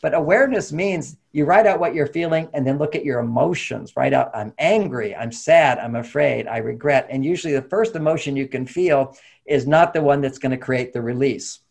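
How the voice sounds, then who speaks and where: Gravelly, husky man giving advice. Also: medium pitch, moderate pace. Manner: animated, acts out quoted voices, laughs often. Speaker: relationship author and guest. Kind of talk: conversational interview talk.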